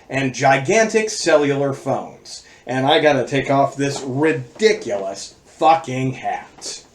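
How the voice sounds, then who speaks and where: A man's voice: medium pitch, unhurried, roomy sound. A man hosting a comedic horror movie review, narrating with playful sarcasm and reeling off lists with relish. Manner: sarcastic, playful, lively list-reading.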